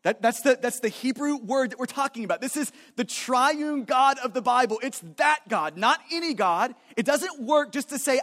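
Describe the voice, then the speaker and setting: A man's voice: extremely high pitch, expressive, normal speed, few pauses, a bit bright, in a large hall. A man preaching a sermon as pastor, emphatic and repetitive, often restarting his phrases.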